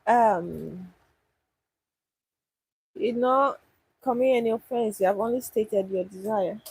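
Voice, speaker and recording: Taking things slowly, a young livestream host chats casually and answers viewers, often thinking aloud and starting sentences over. Her medium-pitched voice has a darkish, slightly rough tone, heard in a low-quality recording with no echo.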